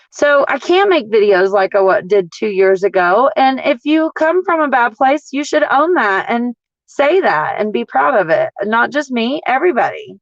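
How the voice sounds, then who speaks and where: A woman, ranting in a casual livestream as a couponing vlogger, blunt, profane and animated as she tells stories. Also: a little high, no echo, dull audio.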